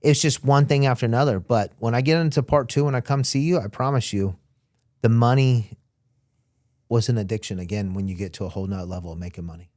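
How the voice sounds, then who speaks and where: A man's voice: medium pitch, quick pace, dry recording. A man from Florida talks through his past as an interview guest in a loose, casual way, and his voice jumps around as he acts out other people's lines. The sound is close and dry, with no room around it. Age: young adult. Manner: animated, acts out quotes of others. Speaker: interview guest, former smuggler.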